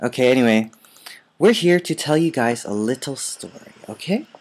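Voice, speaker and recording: A man hosting a casual gaming video, talking in a dry, deadpan, monotone way. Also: medium pitch, normal speed, rough recording. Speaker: host.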